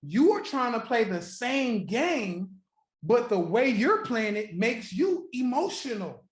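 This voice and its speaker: A man's voice: very high-pitched, very animated. Loose-talking man on a livestream, roomy echo. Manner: loose, profane, joking, laughs often, repeats points slowly. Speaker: trading livestream host. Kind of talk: casual live-stream chat with viewers.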